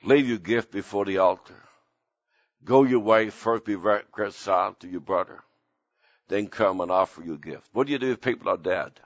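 An older man, a pastor, preaching an impassioned sermon whose pitch climbs suddenly at its peaks. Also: normal speed, no room sound, lo-fi sound.

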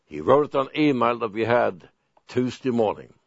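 A man's voice: medium pitch, sing-song, dry recording, dull audio. A man preaching a televised sermon, emphatic and full of rhetorical questions. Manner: emphatic, rhetorical questions, slow deliberate delivery.

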